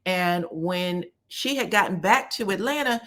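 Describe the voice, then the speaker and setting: A woman giving a casual, sassy recap of a reality show, animated, and slipping into the voices of the people she quotes. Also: on the low side, a little slow. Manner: animated, sassy, slips into voices of the cast when quoting.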